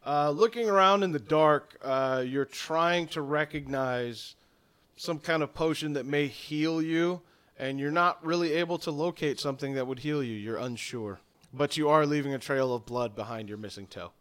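A man's voice: fairly high pitch, moderate pace, a bit bright, smooth. Matter-of-fact man running a tabletop game. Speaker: game master.

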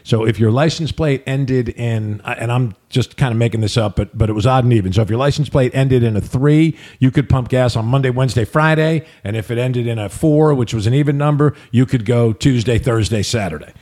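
An older man, talking in a loose, rambling way and swearing freely as he chats. His voice sits at an ordinary middle pitch for a man. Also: fairly quick, few pauses, a little mellow. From New Jersey. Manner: rambling, profane storyteller. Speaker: podcast co-host. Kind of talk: casual chat.

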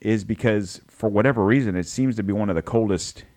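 On a podcast he co-hosts, a man with a lowish, darkish voice and a brisk pace rambles through a casual political chat. He swears freely and keeps correcting himself as he talks.

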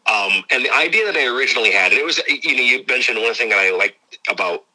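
A man's voice: medium pitch, lively intonation, fast talker, bright, forceful tone, breathy edge, low-quality recording. A man from Ohio with a Midwestern accent, a podcast guest who talks in a rambling, casual way and laughs often. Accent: Midwestern American. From Ohio, USA. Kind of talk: casual interview.

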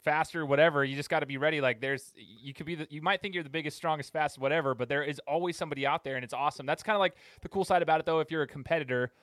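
A man's voice: a little high, racing, hardly any pauses, fairly bright tone, no echo, clean studio sound. A man hosting a podcast, asking rambling questions with lots of fillers in a conversational way. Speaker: podcast host. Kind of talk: conversational interview.

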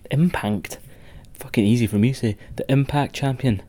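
This Scottish wrestling podcast co-host talks at a quick pace in a warm, medium-pitched voice. Chatting casually with a friend, he rambles, curses and laughs plenty.

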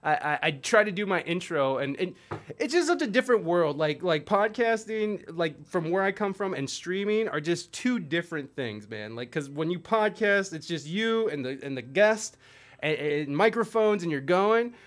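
A man's voice: high-pitched, animated, moderate pace, dry recording. Rambling, jokey male podcast host. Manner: rambling, self-interrupting, profane and jokey. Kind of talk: casual chat.

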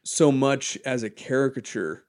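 A man's voice: medium pitch, measured pace, a little mellow. A man co-hosting a podcast in casual chat, prodding his co-host with questions and giving opinions.

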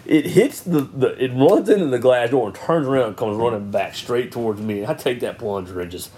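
A man telling a family story in casual podcast chat, lively and playful. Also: medium pitch, a little fast, slight background noise. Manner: animated storyteller, acts out voices.

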